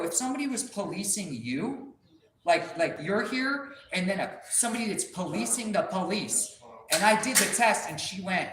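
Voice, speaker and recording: A man's voice: high voice, moderate pace. A man telling a rambling, profane story in casual talk, acting out other people's lines as he goes. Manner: animated, swears a lot, acts out others' lines. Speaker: shop vlogger telling a story. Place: car workshop. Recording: echoey room with faint noise.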